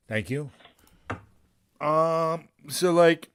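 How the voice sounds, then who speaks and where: A man's voice: mid-range voice, lively intonation, normal speed. A man, a poker streamer telling long rambling stories in casual, profane chat.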